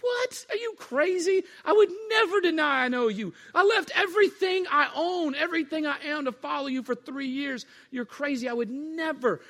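A preacher playing a brash, fiercely loyal disciple. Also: male voice, very high voice, steady tone, normal speed, hardly any pauses, a bit bright. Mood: indignant. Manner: brash, emphatic, street-casual talk. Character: impulsive, zealous male disciple, fiercely loyal.

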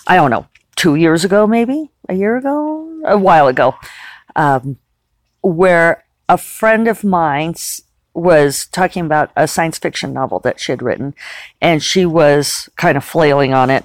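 A woman's voice: low voice, dry recording. A woman hosting a podcast, talking candidly in a chatty personal monologue with frequent restarts and laughs. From Western United States. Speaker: podcast host.

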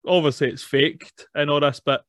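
A man's voice: on the high side, fairly even intonation, moderate pace, a bit bright, dry recording, clean studio sound. A man, chatting casually about a film, laughing often as he recaps scenes. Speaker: podcast co-host.

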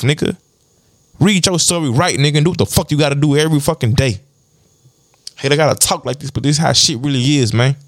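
A man's voice: on the high side, no room sound, studio quality. A man hosting a podcast, giving a blunt, profanity-heavy motivational monologue. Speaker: podcast host.

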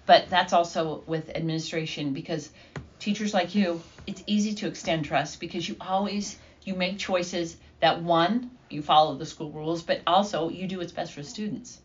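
An older woman, a veteran school administrator co-hosting a school podcast, speaking in a measured, encouraging way. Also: lowish voice, dull audio. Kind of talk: casual chat.

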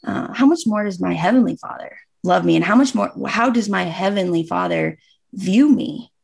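Gravelly-voiced woman telling a personal story. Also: on the low side, normal speed. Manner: earnest storytelling, acting out remembered dialogue. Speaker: guest. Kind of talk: personal story in a casual chat.

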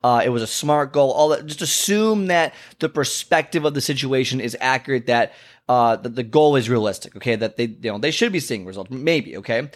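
Male fitness coach, casual advice talk, mid-pitched, animated storyteller who voices both sides of a conversation. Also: a little fast. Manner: animated storyteller, acts out clients and himself with big pitch jumps; conversational, frequent "okay?" and "you know" asides. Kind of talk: casual talking-head advice.

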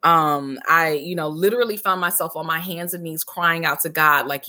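A woman in her forties, an interview guest, telling a candid personal story in an animated way, acting out past conversations. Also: normal speed, hardly any pauses. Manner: animated, acts out past dialogue with big pitch jumps. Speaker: interview guest, healing center founder.

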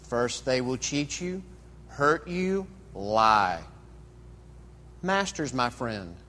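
A man reading aloud the lines of a sinister, obsessive male creature, slow and halting, as he argues with himself. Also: medium pitch, very animated, sharp tone, long reverb tail, a little hiss or hum, full character voice. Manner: slow, halting reading of a split internal dialogue.

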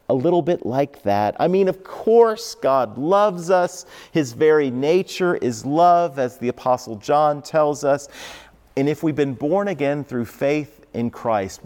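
A man in his fifties, a pastor giving an online devotional sermon in a church sanctuary, telling stories in an animated way. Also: mid-range voice. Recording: reverberant sanctuary.

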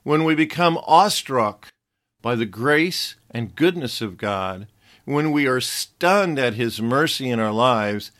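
Male teacher, mid-pitched, earnest scripted devotional reading. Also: a bit bright. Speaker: Bible teacher.

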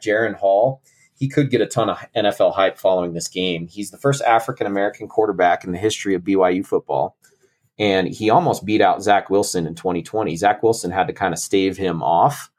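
A man's voice: sits low, a little mellow. A man co-hosting a sports podcast, chatting casually and enthusiastically about college football. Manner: enthusiastic, chatty, laughs often. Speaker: co-host and college football segment host.

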